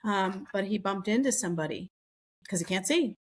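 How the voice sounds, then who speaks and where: A woman's voice: medium pitch, animated, moderate pace, husky. A middle-aged woman co-hosting a podcast, telling stories in casual chat and acting out the voices of people she quotes. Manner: chatty storytelling, acts out quoted voices. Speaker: podcast co-host.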